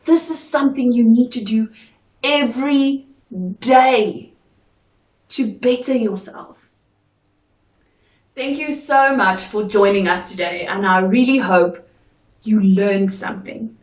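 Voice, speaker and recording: A woman teaching a drama lesson, giving slow, deliberate instructions. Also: a little high, reverberant, recorded from a distance.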